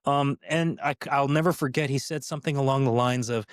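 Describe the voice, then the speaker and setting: A man's voice: medium pitch, a little fast, smooth, no echo. A middle-aged man co-hosting a podcast, telling stories in a casual chat with many fillers and restarts. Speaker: podcast co-host, former cast member.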